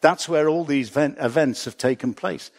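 A man preaches a sermon in an earnest, reflective way. His voice sits a little higher than most men's, and he pauses to chuckle and correct himself as he goes. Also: vocal fry. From Britain. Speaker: pastor.

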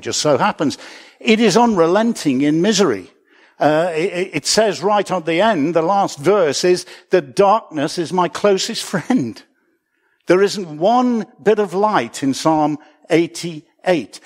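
A man, a pastor, preaching a sermon in an earnest, reflective way, with small chuckles and self-corrections. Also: a little high. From Britain.

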